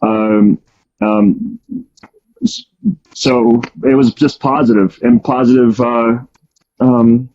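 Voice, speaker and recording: Man, casual storytelling, rambling, filler-heavy, warm dark tone, muffled recording. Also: mid-range voice, fairly even intonation, takes it slowly, pauses often, a little hiss or hum. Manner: rambling, many ums and restarts. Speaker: storyteller guest. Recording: dull lo-fi sound.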